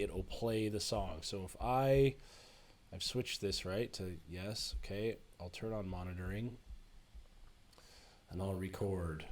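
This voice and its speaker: A fairly low-voiced man talks through a software tutorial in a chatty, upbeat way, correcting himself as he goes. He records into a USB desk microphone. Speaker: music production teacher. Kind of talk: screen-recorded tutorial walkthrough.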